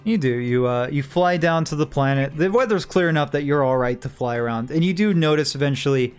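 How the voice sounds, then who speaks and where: A man's voice: a little high, fairly quick, smooth, soft background music. Man narrating as a game master. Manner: relaxed narration with many "uh" fillers.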